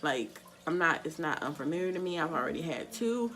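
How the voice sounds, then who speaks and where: A woman's voice: sits low, expressive, fairly quick, fairly bright tone, low-quality recording. A young woman candidly telling a personal story to camera as a vlogger, with lots of "like" fillers.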